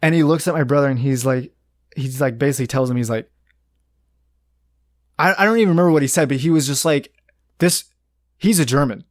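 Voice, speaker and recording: A young American man in his twenties, chatting casually and telling rambling, animated stories full of fillers. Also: mid-range voice, fast talker, long pauses, no room sound, clean studio sound. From United States. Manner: rambling, animated storyteller with many restarts and "like" fillers. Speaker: guest. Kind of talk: casual storytelling chat.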